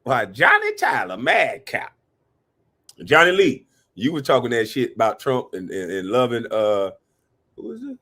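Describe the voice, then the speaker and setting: A man hosting a live reaction stream, talking animatedly, cursing and giving shout-outs to his chat. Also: mid-range voice, huge pitch swings, a little slow. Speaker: livestream reaction host.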